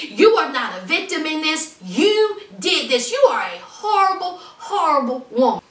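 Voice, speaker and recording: A woman's voice: sits high, a bit bright, distant mic. A woman reviewing a reality TV show in a casual vlog, ranting with emphasis and calling her viewers honey. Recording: roomy sound from off the mic.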